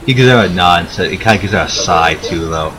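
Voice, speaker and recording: A man with a lowish voice narrates as game master of a tabletop game, rambling through fillers and restarts. A crowd murmurs steadily behind him. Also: a little fast, poor audio.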